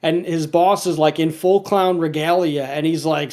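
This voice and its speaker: A man's voice: a little high, level tone, normal speed, hardly any pauses, darkish tone. A man co-hosting a podcast, retelling a cartoon episode in a rambling casual way, full of restarts and fillers, now and then quoting the characters. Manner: quotes characters in a lightly acted voice. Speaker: podcast co-host.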